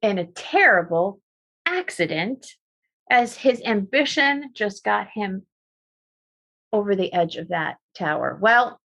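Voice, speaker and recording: A woman storyteller telling a folk tale in a lively, animated way, with asides to her listeners. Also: mid-range voice, slow pace, gravelly. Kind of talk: oral storytelling performance.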